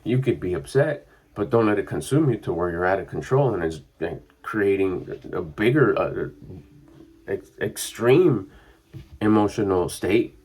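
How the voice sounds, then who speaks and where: Middle-aged male coach, slightly low and breathy, loose conversational monologue. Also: expressive, a little slow, a little mellow. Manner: rambling and conversational, with frequent fillers. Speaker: mindset coach. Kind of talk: casual monologue.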